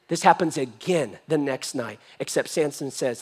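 A man preaching a sermon as pastor, telling a story in an animated, joking way. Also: on the high side, moderate pace, breathy edge. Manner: animated, jokey storytelling with acted voices. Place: church.

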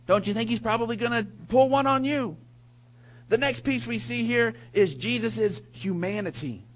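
A middle-aged man preaching a sermon, telling a lively personal story before building to emphatic preaching. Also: very high voice, moderate pace, poor audio. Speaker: pastor.

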